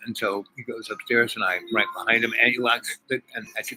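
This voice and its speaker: A man's voice: medium pitch, normal speed, hardly any pauses, sharp tone, slight background noise, rough recording. A man vlogging to his viewers, telling a personal story in a rambling way, full of fillers and asides. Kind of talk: casual storytelling vlog.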